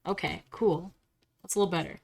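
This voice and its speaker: A young woman streaming live while drawing, chatting casually and getting bubbly and squealy when excited. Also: fairly low pitch, fairly quick, creaky.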